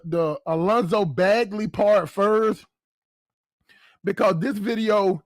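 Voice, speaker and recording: A man with a high, lifted voice chats casually to his livestream viewers, cussing freely and slipping into slang. the sound is close and dry, with no room around it. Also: dry recording. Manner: profane, laughing, loose Southern slang. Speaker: livestream host.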